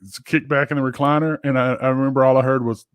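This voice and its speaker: A man from Georgia in the US co-hosts a podcast, talking fast in a flat, mid-range voice with a clean tone and clean studio sound, free of room noise. He tells a story in casual chat, rambling and profane, with plenty of fillers.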